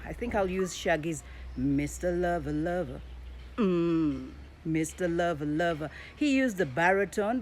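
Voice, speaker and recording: A woman coaching public speaking in a live-streamed lesson, swinging between emphatic peaks and quiet low drops. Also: a little hiss or hum.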